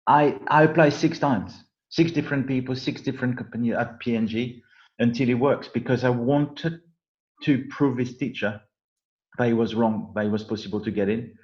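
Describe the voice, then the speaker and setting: A middle-aged man with a French accent talks as a podcast guest, relaxed and wry about himself. His voice sits at an ordinary pitch. The recording sounds muffled and lo-fi. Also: normal speed. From south of France. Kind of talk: casual interview. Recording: dull lo-fi sound.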